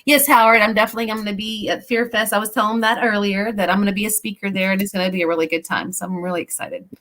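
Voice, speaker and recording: A middle-aged woman, a paranormal investigator, chatting as a guest and telling personal stories in a rambling, animated way. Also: medium pitch, rapid-fire. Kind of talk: casual chat, personal storytelling.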